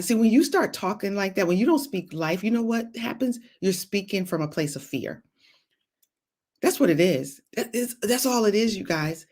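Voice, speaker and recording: A middle-aged woman with a low voice delivers a fervent, preacher-like motivational talk, calling out viewers by name. She mixes in playful asides and laughs often. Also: a little mellow. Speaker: host and psychologist. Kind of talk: motivational faith talk on a live stream.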